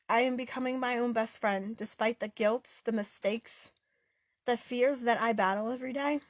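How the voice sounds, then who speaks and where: A young woman telling a personal story through tears, halting and stopping often with fillers and pauses. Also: a little high, no room sound, studio quality. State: tearful, voice breaking. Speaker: author sharing a personal story. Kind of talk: emotional personal testimony.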